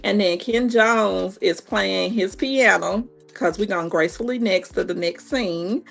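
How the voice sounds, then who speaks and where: A woman in her thirties giving a casual, animated reality TV recap, acting out what the cast said in a higher voice. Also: a little slow, gravelly, soft background music. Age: 30s.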